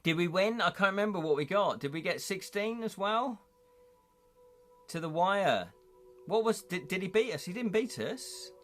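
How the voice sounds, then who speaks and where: Excitable man playing a gamebook. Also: sits high, moderate pace, soft background music. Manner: excitable, forgetful chatter. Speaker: host and gamebook narrator. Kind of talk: live-streamed gamebook play.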